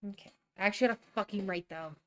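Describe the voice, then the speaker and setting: Talking very fast in a bit bright, medium-pitched voice, a young writer streams her writing session. She edits a draft out loud, rereads her lines, and goes off on ranting asides.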